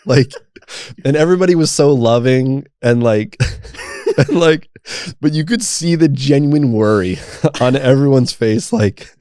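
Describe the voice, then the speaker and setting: A man's voice: medium pitch, a little slow, clean tone, no room sound, clean studio sound. A man, a guest on a podcast, telling a personal story casually with lots of laughter and swearing. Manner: animated, laughing often, profane. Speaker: podcast guest, coaching program founder.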